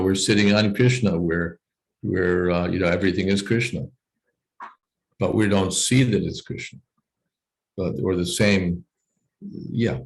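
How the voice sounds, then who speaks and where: Low-voiced male teacher explaining scripture on a video call, unhurried and thoughtful. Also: low-quality recording. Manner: thoughtful, explains slowly with "you know" asides. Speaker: teacher leading a scripture reading class. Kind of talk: explanatory class discussion.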